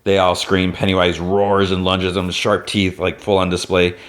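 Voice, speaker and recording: A low-voiced man recapping an episode in a casual, rambling way. He says "like" often and jumps into raised voices to act out lines. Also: level tone, moderate pace, fairly bright tone. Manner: retells scenes, acting out lines in a raised voice; loose, filler-heavy storytelling. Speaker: podcast host.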